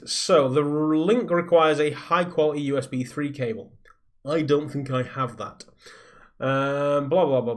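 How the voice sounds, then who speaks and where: A man live streaming from a soundproofed home recording room, rambling in casual chat and reading viewer comments aloud. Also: mid-range voice. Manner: rambling, reads viewer comments aloud, skims text with "blah blah".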